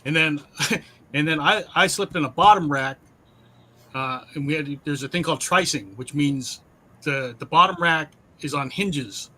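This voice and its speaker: A man's voice: on the high side, normal speed, bright, forceful tone, poor audio. A man talking casually on a livestream, recalling his Navy service and reciting shipboard announcements. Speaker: Navy veteran co-host. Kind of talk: casual chat.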